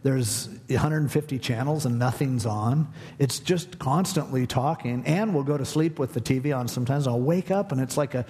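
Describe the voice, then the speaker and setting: A man preaching a sermon, conversational and humorous, animated as he tells a story. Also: mid-range voice, normal speed, long reverb tail. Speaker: pastor.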